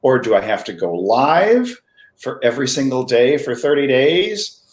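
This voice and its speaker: A man's voice: medium pitch, big pitch swings, measured pace. Chatty man in an echoey room. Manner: chatty, asks questions, jokes. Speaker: co-host, doctor. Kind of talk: casual live-stream chat.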